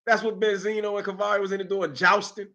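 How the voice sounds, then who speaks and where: Animated, bright-voiced DC man ranting. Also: high voice, fast talker. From Washington, DC. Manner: animated, mocking, streetwise banter. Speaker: live-stream host. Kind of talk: live-stream commentary.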